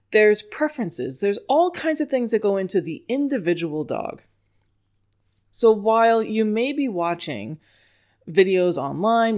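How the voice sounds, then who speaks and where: A woman dog trainer from New York explains scent work in a relaxed, conversational teaching voice of ordinary pitch. She talks emphatically and often breaks into a laugh at her own points. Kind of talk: informal teaching talk.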